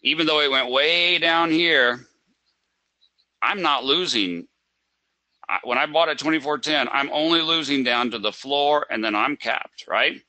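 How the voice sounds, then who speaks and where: A man's voice: on the high side, unhurried, bright, forceful tone, no room sound, poor audio. A man teaching a live trading webinar, asking rhetorical questions and acting out a panicked trader. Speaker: trading instructor.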